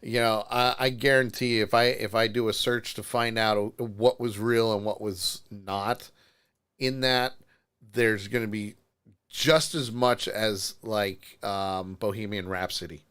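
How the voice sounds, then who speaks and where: A man's voice: fairly low pitch, steady tone, measured pace, a bit bright, clear, resonant tone. A man hosting a live call-in podcast, chatting casually, laughing often and stumbling over restarts. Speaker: podcast host.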